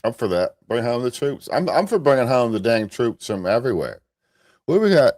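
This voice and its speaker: A man's voice: mid-range voice, sing-song, a little fast, a little mellow, no echo, studio quality. An American man hosting a live morning commentary show, rambling casually with restarts and chuckling at himself.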